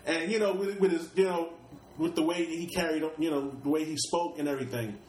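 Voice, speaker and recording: A man's voice: a little high, fairly even intonation, brisk, a little mellow, reverberant, slight background noise, poor audio. A middle-aged man from Brooklyn with a New York accent, telling stories in an interview in a casual, streetwise way, often repeating and restarting words and swearing freely. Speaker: rapper interview guest.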